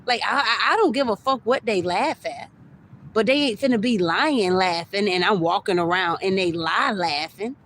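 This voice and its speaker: A woman's voice: medium pitch, normal speed, a bit bright. A young woman speaks straight to her livestream viewers in a mid-range voice, heated and rambling. She repeats herself and trips over her words as she keeps circling back. A faint hum of noise sits under her voice. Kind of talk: livestream rant.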